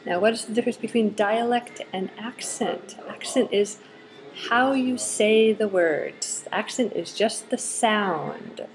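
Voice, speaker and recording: A woman English teacher summing up a group lesson, speaking slowly and clearly and spelling out words for learners. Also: mid-range voice, slight background noise, poor audio. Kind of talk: recorded lesson summary.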